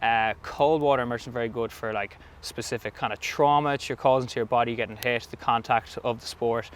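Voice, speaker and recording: A man's voice: mid-range voice, steady tone, brisk. A man with an Irish accent, a sauna business owner and guest, chatting enthusiastically with frequent fillers outdoors at a rugby club. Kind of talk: casual interview chat.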